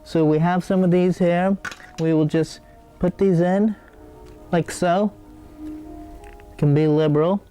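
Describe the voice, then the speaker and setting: Man, comedic cooking host, high mellow voice, rambling, faint music behind. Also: steady tone, slow pace, long pauses. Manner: rambling, digressive, hesitant with many fillers. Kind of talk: comedic cooking show character.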